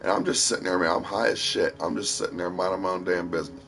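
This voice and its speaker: A man's voice: sits low, quick pace, vocal fry, a bit bright. A man casually telling a long story, rambling and swearing freely with a tough edge. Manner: profane, rambling, tough-talking. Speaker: streamer.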